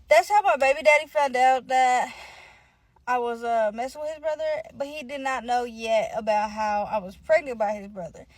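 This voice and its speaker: A woman's voice: a little high, dry recording, poor audio. Rambling young woman telling a storytime. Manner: rambling, slangy and profane, addresses listeners as y'all. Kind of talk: casual storytime.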